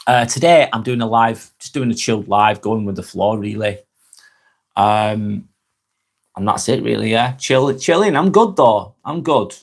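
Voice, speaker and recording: A man from Lancashire in Northwest England, with a Northern English accent, hosts a relaxed live stream, reading viewers' comments aloud and chatting back. His voice is low-ish and creaky at a measured pace, and he often stumbles over words, letting phrases fade out quietly.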